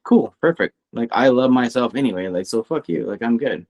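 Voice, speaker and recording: A man co-hosting a podcast in a casual chat, swearing a lot and rambling, his voice climbing when he gets worked up. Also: brisk. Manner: profane, rambling, animated, rising pitch when worked up. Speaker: podcast co-host; coach.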